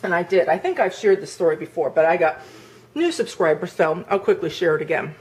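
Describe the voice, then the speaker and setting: A woman's voice: on the low side, animated, a little fast. Middle-aged woman, home cooking vlogger, loose and rambling, lots of fillers, demonstrating as she talks. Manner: chatty and rambling, full of "like" and "um"; demonstrates with hands while talking. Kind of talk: casual cooking vlog chat.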